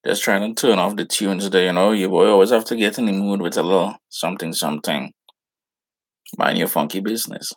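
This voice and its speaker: A man with a Trinidadian accent hosting a live cooking chat show, greeting viewers by name in relaxed, slangy talk. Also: sits low, quick pace, few pauses. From Trinidad and Tobago. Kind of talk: casual live-stream chat.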